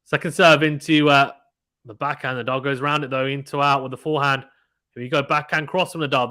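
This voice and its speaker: Bright chatty British tennis commentator man. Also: on the high side, fairly even intonation, brisk. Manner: chatty, laughs often, reads viewer comments aloud. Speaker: live watchalong commentator. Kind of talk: casual play-by-play commentary reading chat.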